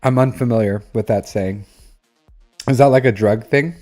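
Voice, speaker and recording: A man's voice: mid-range voice, moderate pace, long pauses, a little mellow, soft background music. A man in his thirties hosting a live stream, chatting casually and teasing his viewers in a rambling, jokey way. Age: 30s. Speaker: live-stream host reviewing game accounts.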